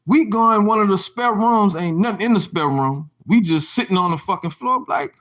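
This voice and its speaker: A man's voice: sits high, brisk, few pauses, a bit bright. A man hosting a casual livestream rant, telling profane, rambling stories with frequent restarts and mocking, laughing gossip. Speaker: livestream host.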